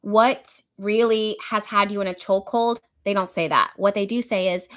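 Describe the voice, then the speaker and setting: A woman's voice: mid-range voice, steady tone, normal speed, hardly any pauses. A young woman chats on a livestream about astrology in an easy, conversational way. She answers viewer comments as she goes, with a casual, friendly delivery. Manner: chatty, reads out viewer comments. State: out of breath, wheezing.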